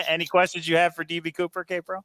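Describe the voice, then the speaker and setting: A man's voice: a little high, little pitch movement, fast talker, bright, forceful tone, dry recording, clean studio sound. A man from Detroit co-hosting a casual call-in livestream, joking, laughing often and reading out viewer comments. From Detroit, Michigan. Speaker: co-host.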